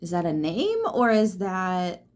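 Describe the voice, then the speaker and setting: A woman's voice: fairly low pitch, very animated, measured pace, a little mellow. A woman giving a casual tarot reading, chatty and reassuring, swearing freely as she talks straight to the viewer. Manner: loose and chatty, swears freely, lots of fillers; reassuring, speaks straight to the listener. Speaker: tarot reader.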